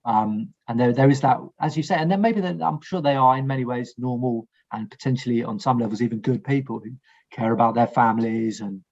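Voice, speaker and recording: Husky low-voiced man, frank podcast guest, dull lo-fi recording. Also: brisk, a little mellow. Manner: frank, blunt, swears, restarts sentences. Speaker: war veteran guest. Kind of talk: casual podcast conversation.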